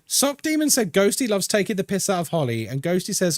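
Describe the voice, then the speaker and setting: A British man streaming a game, chatting casually, reading chat out loud and laughing often. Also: high-pitched, very animated, a little fast, hardly any pauses, dry recording, studio quality. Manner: chatty, laughs a lot, reads chat aloud.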